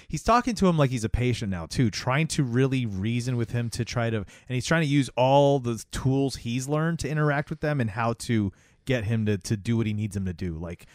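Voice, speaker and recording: A podcast co-host chatting casually about a TV show and acting out the characters' lines in a relaxed way. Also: medium pitch, a little fast, no echo, clean studio sound. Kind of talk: casual TV recap chat.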